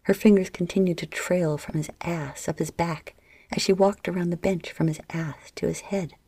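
Low, husky woman reading an erotic story. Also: steady tone, normal speed, dry recording. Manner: soft, half-whispered delivery. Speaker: narrator.

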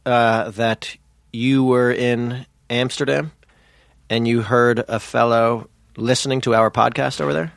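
A man's voice: medium pitch, fairly even intonation, unhurried, vocal fry, dry recording, clean studio sound. A man co-hosting a podcast with joking, mock-boastful banter. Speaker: podcast co-host. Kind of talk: casual chat.

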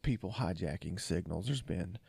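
A man's voice: deep voice, expressive, normal speed, vocal fry, darkish tone, breathy edge, dry recording, studio quality. A man co-hosting a podcast in casual chat, often laughing, trailing off and restarting his sentences. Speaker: podcast co-host.

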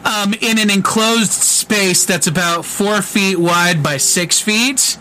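A man's voice: high-pitched, takes it slowly, pushed and bright, a little hiss or hum, rough recording. A man narrating as game master of a tabletop game, loose and full of fillers. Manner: loose, filler-heavy descriptions with profanity.

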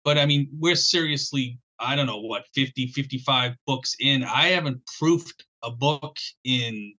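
A male author chatting on a podcast with a bright, forceful voice. He talks candidly and jokes at his own expense, often stumbling and restarting his sentences. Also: medium pitch, muffled recording. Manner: candid, self-deprecating, halting restarts. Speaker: author guest. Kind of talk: casual podcast interview.

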